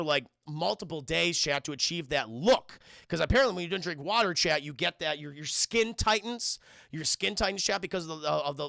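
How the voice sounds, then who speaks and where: A man's voice: fairly high pitch, vocal fry, bright, forceful tone, no room sound, studio quality. A man doing a rambling, profane scene-by-scene film review, talking straight to his live chat. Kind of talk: casual livestream film review.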